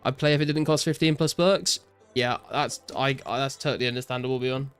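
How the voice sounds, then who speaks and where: A young man streaming a game, reading chat aloud and answering viewers in a relaxed way, full of "like" and "um". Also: medium pitch, fairly quick, smooth, soft background music. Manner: relaxed, reads out chat messages and answers viewers with many fillers. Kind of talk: casual live-stream chat while gaming.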